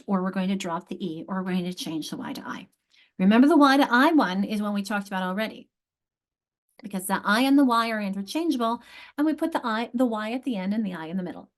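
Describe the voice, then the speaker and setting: Here a literacy instructor with a mid-range voice gives teachers a lecture on spelling and word structure. Her tone is conversational, she stretches example words to demonstrate their sounds, and she checks understanding with "isn't it?"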